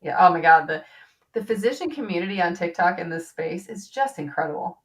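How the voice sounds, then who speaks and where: A woman physician hosting a casual live-stream chat, talkative and quick to laugh, with lots of fillers. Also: fairly low pitch, animated, recorded from a distance. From western New York. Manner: chatty, laughs often, many fillers. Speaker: physician host.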